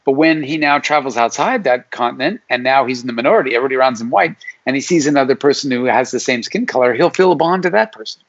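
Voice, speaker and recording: A man's voice: medium pitch, animated, fast, few pauses, fairly bright tone. Middle-aged man explaining ideas. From Alaska, USA. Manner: explanatory, acts out imagined people's lines in quotes. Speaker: guest, psychology professor. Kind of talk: casual interview. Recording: dull lo-fi audio.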